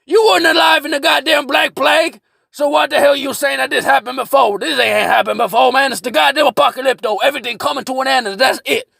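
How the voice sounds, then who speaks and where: A man voicing a crazed older male war veteran who rants, curses and shouts from his bunker. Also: very high voice, fairly even intonation, quick pace, vocal fry, dry recording, studio quality, pitched above the performer's own voice, exaggerated voice. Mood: ranting. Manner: ranting, cursing, shouting.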